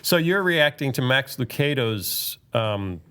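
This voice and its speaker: A man's voice: mid-range voice, animated, slow, pushed and bright, smooth. A man hosting a podcast in a casual, joking chat with his co-hosts. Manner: jokey, sings a goofy theme song. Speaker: podcast host.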